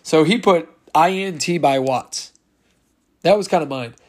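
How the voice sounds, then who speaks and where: A man's voice: fairly high pitch, measured pace. A man hosting a casual solo sports podcast, chatting as he reads out listener replies and laughs along with them. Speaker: podcast host.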